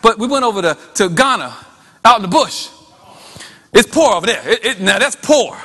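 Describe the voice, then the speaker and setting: High, bright-voiced preacher in a reverberant hall. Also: male voice, moderate pace. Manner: animated preaching, acts out voices, folksy asides. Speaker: pastor. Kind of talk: sermon.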